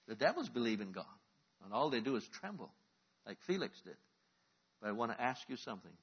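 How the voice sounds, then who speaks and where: A man preaching a sermon, moving from quiet questions to loud, impassioned calls for the congregation to respond. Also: mid-range voice, very animated, brisk, pauses often, slightly rough, dull audio.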